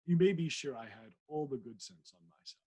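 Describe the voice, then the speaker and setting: A man reading the part of a genial middle-aged country vicar and naturalist, in a wry, teasing manner and a husky voice. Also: fairly high pitch, animated, a little fast, darkish tone, poor audio.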